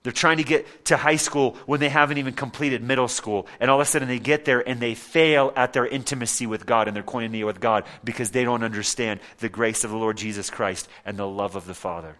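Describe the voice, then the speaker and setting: A man's voice: mid-range voice, a little fast, hardly any pauses, a bit bright. A man preaching a sermon as a pastor, emphatic and repetitive, asking the crowd rhetorical questions.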